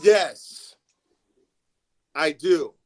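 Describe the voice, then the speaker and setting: A man's voice: fairly high pitch, expressive, drawn-out words. A man, a student assistance coordinator, talking to students in a classroom with many restarts and fillers.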